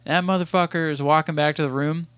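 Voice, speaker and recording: Male podcast co-host, 30s, chatty rambling storyteller, voice a bit high. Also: quick pace, dry recording. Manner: rambling, animated storyteller with many restarts. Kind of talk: casual storytelling chat.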